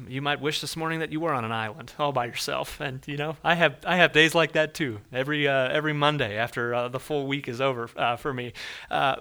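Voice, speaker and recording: Bright-voiced man preaching a sermon. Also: fairly high pitch. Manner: conversational, acts out everyday scenes with animated voices. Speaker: pastor.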